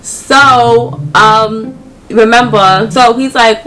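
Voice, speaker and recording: A young woman, telling a story to her viewers in an animated, slangy way. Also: mid-range voice, measured pace, low-quality recording. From New York. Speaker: vlogger.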